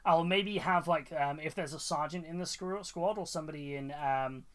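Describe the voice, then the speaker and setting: Chatty man, fairly high voice. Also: normal speed. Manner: enthusiastic, rambling, many fillers and restarts. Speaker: livestream host. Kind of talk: casual chat reacting to viewers' miniatures.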